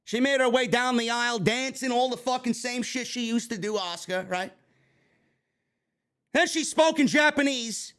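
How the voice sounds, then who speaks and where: High-voiced man ranting angrily. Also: normal speed, a bit bright, clean tone. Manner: angry, sarcastic, heavy swearing. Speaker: wrestling show reviewer. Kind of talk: profane ranting show review.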